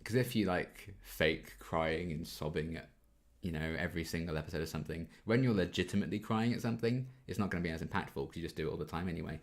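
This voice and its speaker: This low-voiced man talks fast, barely pausing, as he hosts a laid-back Q&A for his YouTube reaction channel. In his twenties, he reads viewer questions aloud and rambles through replies with lots of ums.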